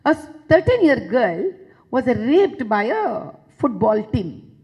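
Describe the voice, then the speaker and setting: A woman's voice: a little high, sing-song, slow, husky, dull audio. A woman with an Indian English accent giving an impassioned public talk, emphatic and repeating phrases for force. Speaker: public speaker addressing a session.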